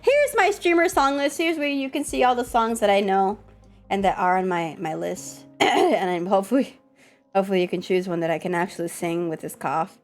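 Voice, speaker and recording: A woman streamer with a cold, chatting casually and excitably with her chat, swearing and scolding them playfully. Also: medium pitch, a little fast, faint music behind. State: has a cold, coughing.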